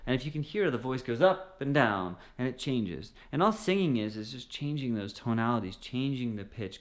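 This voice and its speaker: A man's voice: medium pitch, big pitch swings, moderate pace. Encouraging male music teacher. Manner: encouraging, conversational, often sings short phrases. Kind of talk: direct-to-camera singing lesson.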